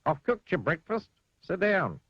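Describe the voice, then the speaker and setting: A high, bouncy, happy-go-lucky clumsy fellow from a children's storybook, put on by a male narrator. He chatters brightly with a lively, swooping lilt and a husky edge. The sound is close and dry. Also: unhurried, muffled recording, heavily acted. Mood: cheerful. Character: clumsy cheerful man, careless and carefree. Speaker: storybook character.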